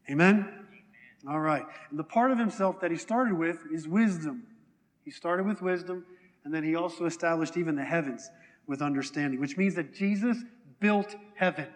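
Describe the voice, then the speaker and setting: Conversational pastor in a reverberant hall. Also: male voice, fairly high pitch, normal speed. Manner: conversational, asks the congregation questions. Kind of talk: sermon. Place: church hall.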